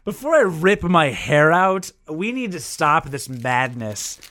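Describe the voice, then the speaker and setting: A man's voice: fairly high pitch, big pitch swings, takes it slowly, pushed and bright, no room sound. A man co-hosting a casual podcast, teasing his partner and laughing often. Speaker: podcast co-host.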